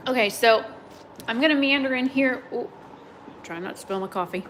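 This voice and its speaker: A woman's voice: a little high, normal speed, long pauses, fairly bright tone. Chatty woman rambling at home. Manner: rambling, chatty, talks to her cats. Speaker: vlogger. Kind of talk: casual live-stream chat. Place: home kitchen. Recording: home recording with clear background noise.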